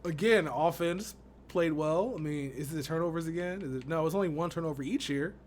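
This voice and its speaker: A man's voice: a little high, brisk, a little hiss or hum. A young man from Texas giving casual, slangy commentary on a sports video game, exasperated and laughing often. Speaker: gaming YouTuber.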